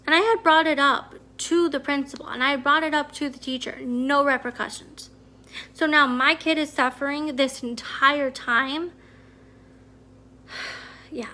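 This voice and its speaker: A woman's voice: sits high, sharp tone. A woman who homeschools her child, talking in a candid, chatty vlog style with lots of fillers. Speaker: homeschooling parent and consultant. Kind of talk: casual personal vlog talk.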